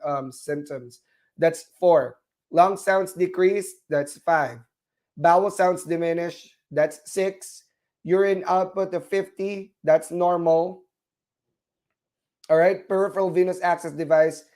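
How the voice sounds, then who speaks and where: A man's voice: a little high, a little mellow. Filipino man teaching a live nursing class. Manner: repetitive, checks in often with "all right?", apologetic about corrections. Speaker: nursing exam instructor. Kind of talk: live online class, walking through a case study.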